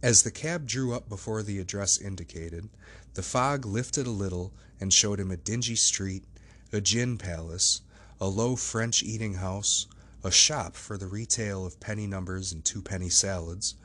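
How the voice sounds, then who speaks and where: A man with a very deep, low voice reads a classic novel aloud as an audiobook. His narration is steady and measured. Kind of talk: scripted narration.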